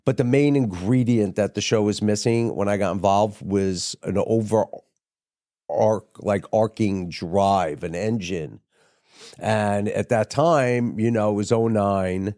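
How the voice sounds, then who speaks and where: Laid-back low-voiced man telling stories. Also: unhurried, dark tone, dry recording, studio quality. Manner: laid-back, profane, rambling with many fillers. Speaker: guest. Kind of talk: casual storytelling interview.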